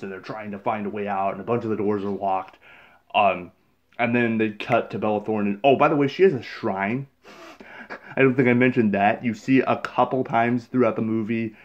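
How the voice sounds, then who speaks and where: A man talks through a film's plot in a loose, rambling rant, stumbling over words and filling gaps with ums. His voice sits fairly low, and his tone turns sarcastic and exasperated. The audio is a little dull and lo-fi. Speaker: movie reviewer. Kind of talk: casual recap rant.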